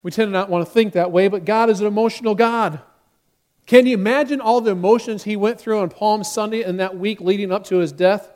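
A man's voice: sits high, steady tone, a little fast, a little mellow. A man preaching a sermon as pastor, talking directly to his congregation and acting out quotes with rising force.

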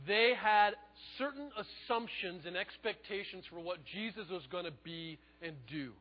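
A man preaching a sermon, telling the story in a lively way and acting out the quotes. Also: sits high, moderate pace, hardly any pauses, long reverb tail, lo-fi sound. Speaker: pastor.

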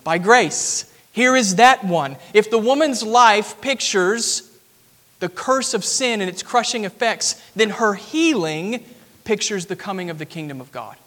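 A man with a notably high voice preaches earnestly, explaining a passage step by step and swelling with emphasis at key points. His words ring out with a long reverb, as if filling a large sanctuary. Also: animated, unhurried, a bit bright. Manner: earnest expository preaching, rising emphatic at climaxes. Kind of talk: sermon.

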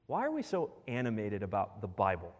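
Lively, animated man preaching in a reverberant church. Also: on the low side, fairly quick, highs cut off. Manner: animated, rhetorical questions to the congregation. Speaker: pastor. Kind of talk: sermon. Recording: long reverb of a large hall.

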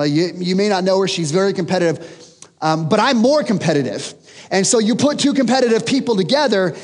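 Man, pastor, sermon, high voice, very lively pitch, self-mocking storytelling, long church reverb.

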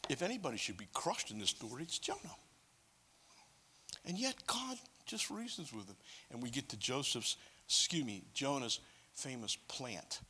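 Lively male preacher with a bright, forceful voice, animated sermon with joking asides. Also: medium pitch, moderate pace, a little hiss or hum.

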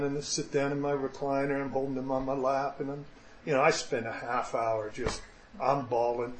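A man's voice: mid-range voice, steady tone, normal speed, reverberant, slight background noise, low-quality recording. A man preaching a sermon, telling a personal story in a conversational way with self-deprecating humor and frequent restarts. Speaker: pastor.

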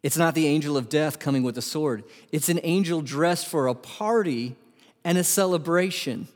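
A man preaching a sermon as pastor, animated and asking his congregation questions. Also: a little high, normal speed. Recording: long hall reverb.

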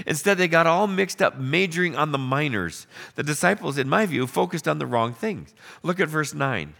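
A man preaching a sermon, telling the story with animated questions and acted-out lines. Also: a little high, gravelly. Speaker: pastor.

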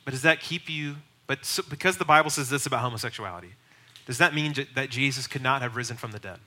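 A pastor in his middle years teaches on sharing the faith. His voice is strikingly bright and sharp, and he speaks earnestly and with emphasis, now and then pressing into raised, urgent stretches. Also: medium pitch, fast talker. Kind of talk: teaching on evangelism.

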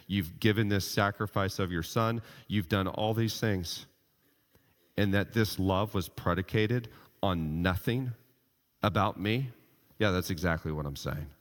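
Deep-voiced male preacher in a reverberant hall. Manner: animated, rhetorical questions, reads scripture aloud. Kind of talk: sermon.

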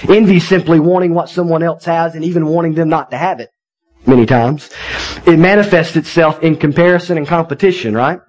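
A man's voice: a little high, a little fast, darkish tone, low-quality recording. A man in his thirties, a pastor preaching a sermon in a conversational, folksy way, often checking in with his listeners.

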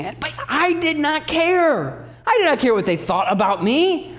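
A male pastor preaching a sermon, emphatic and animated, breaking off into teaching asides. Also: extremely high pitch, a little slow, hardly any pauses.

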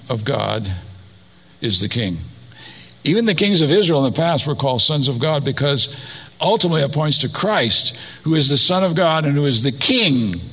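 Gravelly man preaching a sermon. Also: mid-range voice, sharp tone. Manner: rhetorical questions, personal asides.

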